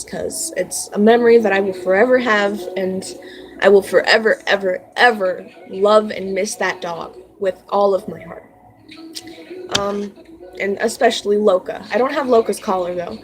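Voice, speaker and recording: A woman's voice: mid-range voice, rough recording. A young woman telling a personal story about her pets in a casual, rambling way, full of "like" and "um", earnest and heartfelt. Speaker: vlogger.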